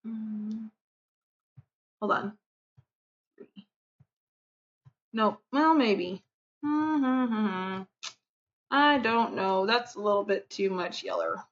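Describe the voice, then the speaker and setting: A woman's voice: mid-range voice, very slow, long pauses, dull audio. A woman streamer chatting casually to her viewers while she plays, rambling and counting under her breath. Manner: chatty, rambling, talks to chat while fiddling. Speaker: game streamer. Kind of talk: casual live-stream chat.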